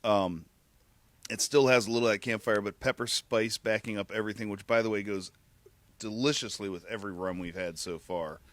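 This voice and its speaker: A man's voice: fairly low pitch, steady tone, brisk, a bit bright, dry recording. A man co-hosting a casual podcast, describing the flavors of cigars and rum in detail. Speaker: podcast co-host. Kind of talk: casual tasting talk.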